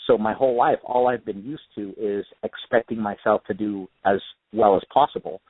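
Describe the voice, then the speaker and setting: A man's voice: lowish voice, moderate pace, no room sound. A man from California telling his life story earnestly as a radio guest. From California, United States. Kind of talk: personal life story in an interview. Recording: tinny phone line, dry.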